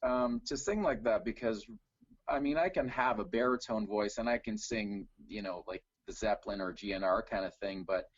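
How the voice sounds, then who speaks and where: A middle-aged man from Canada talks in a relaxed, rambling storytelling way. His voice is a little husky and sits at an ordinary pitch. The sound is dry and somewhat dull. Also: normal speed, no echo. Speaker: guest, tribute singer. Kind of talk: casual video call interview.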